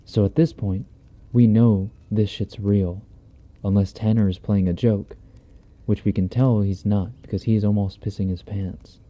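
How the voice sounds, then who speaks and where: A man's voice: fairly low pitch, steady tone, normal speed, mellow. A man reading a horror story aloud on a stream in a laid-back, profane, conversational way, close on a binaural mic. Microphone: binaural dummy-head mic.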